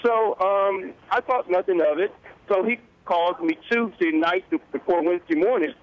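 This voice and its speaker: A man in his fifties with a fairly high voice tells a story to a talk show host, acting out each person's lines. He sounds lively and chatty. The broadcast audio is a little dull and muffled. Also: normal speed. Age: 50s. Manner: animated, acts out quoted dialogue. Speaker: morning show guest. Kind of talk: casual interview storytelling.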